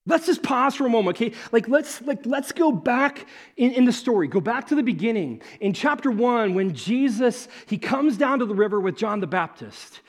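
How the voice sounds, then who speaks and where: A man preaching a sermon in an animated, conversational storytelling way, swinging between loud emphasis and hushed moments. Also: extremely high pitch, normal speed. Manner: conversational, with fillers like "like" and "okay".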